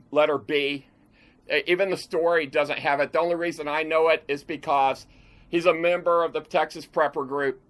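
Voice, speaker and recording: A man's voice: high-pitched, a bit bright. A man who builds bunkers and hosts his own channel, talking straight to his viewers in an angry, off-the-cuff rant. He is emphatic and heated, and he repeats himself as he talks.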